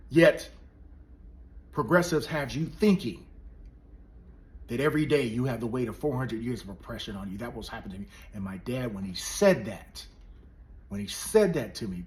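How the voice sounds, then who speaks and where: Impassioned man swinging loud to whisper. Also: lowish voice, slight background noise. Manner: swings from loud emphatic outbursts to hushed near-whispers. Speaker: police officer and public speaker. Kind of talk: impassioned motivational speech.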